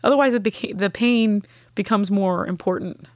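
A woman, a podcast guest, telling a deeply personal story in an earnest, heartfelt way and with strong conviction. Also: normal speed, a little mellow, no echo, studio quality.

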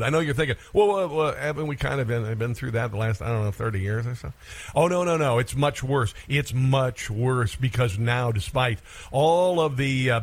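A man's voice: a little high, a bit bright. Sarcastic, emphatic male talk radio host. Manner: sarcastic, emphatic, rapid asides. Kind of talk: opinion talk radio monologue.

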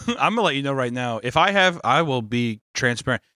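A man co-hosts a casual podcast with a bright, sharp-edged voice. He talks in a profane, joking way and keeps things loose. The sound is dry and close. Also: mid-range voice, animated, fairly quick, no room sound. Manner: profane, joking, slips into mock Australian voices. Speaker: podcast co-host. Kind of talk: casual chat.

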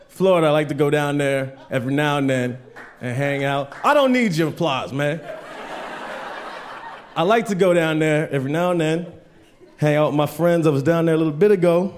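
Male stand-up comedian with a somewhat high voice, casual storytelling, swears freely. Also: moderate pace, long pauses, slight background noise. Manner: loose storytelling, swears, acts out friends. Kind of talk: stand-up set. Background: audience laughter.

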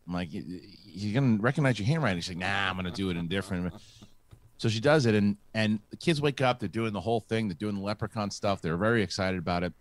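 A man's voice: fairly low pitch, quick pace, no echo. A middle-aged man hosting a live show, telling a long personal story in a rambling way with many restarts and fillers. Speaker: host. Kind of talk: casual live show chat.

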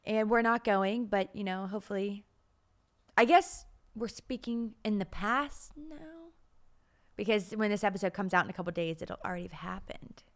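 A woman's voice: mid-range voice, normal speed. A young adult woman co-hosting a podcast in casual chat, telling stories with quoted lines and frequent laughs. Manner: chatty storyteller, laughs often, acts out quotes. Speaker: podcast co-host.

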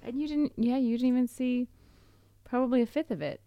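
Animated American-born woman podcast host. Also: a little high, a little fast, dry recording. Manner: animated, acts out little scenes; teasing, emphatic. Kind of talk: casual chat.

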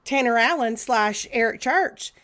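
A woman's voice: on the high side, a little slow, fairly bright tone. A middle-aged woman co-hosting a podcast in casual chat, making wry, playful asides. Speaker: podcast co-host.

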